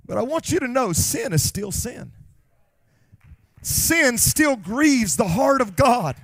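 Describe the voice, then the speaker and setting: High-voiced impassioned male preacher. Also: big pitch swings, no room sound. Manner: impassioned preaching that swells to shouts and slows on key phrases. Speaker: pastor. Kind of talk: sermon. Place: church.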